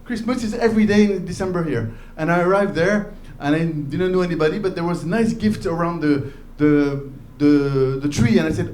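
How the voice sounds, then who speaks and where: A man's voice: fairly high pitch, darkish tone, slight background noise. French-accented man doing stand-up. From France. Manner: halting, searching for English words. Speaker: stand-up comedian. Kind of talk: stand-up set. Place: basement comedy club. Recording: echoey basement club with crowd.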